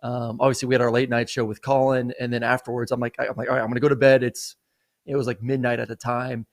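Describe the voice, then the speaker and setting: A man's voice: mid-range voice, little pitch movement, fast talker. A man in his thirties, co-hosting a sports podcast, telling a long story in a loose, rambling way full of fillers. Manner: rambling storyteller, many "you know" and "like" fillers. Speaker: co-host. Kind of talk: casual sports podcast chat.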